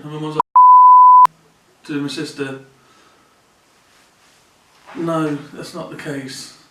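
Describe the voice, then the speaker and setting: Male vlogger, earnest and plainspoken, slightly higher voice, recorded from a distance in an echoey room. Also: level tone, takes it slowly, long pauses, very noisy. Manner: earnest, plainspoken, repeats phrases. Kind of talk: personal confessional vlog. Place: room in his mother's home. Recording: roomy sound from a distant mic.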